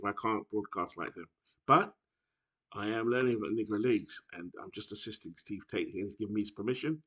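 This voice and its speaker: A British man with a somewhat low voice talks casually to his audience. He rambles and keeps correcting himself mid-sentence. The sound comes through a laptop microphone. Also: a bit bright. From United Kingdom. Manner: rambling, self-correcting, chatty. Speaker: video game streamer. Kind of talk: casual chat to camera.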